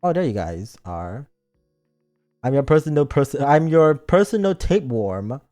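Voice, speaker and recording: A man's voice: medium pitch, sing-song, normal speed, darkish tone, soft background music. A man streaming a game in a silly, joking and rambling way. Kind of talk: casual game stream chat.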